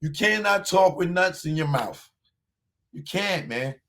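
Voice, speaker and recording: A man hosting a livestream, taunting a viewer in chat with drawn-out mocking questions and laughter. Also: a little high, lively intonation, creaky, a bit bright. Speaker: livestream host.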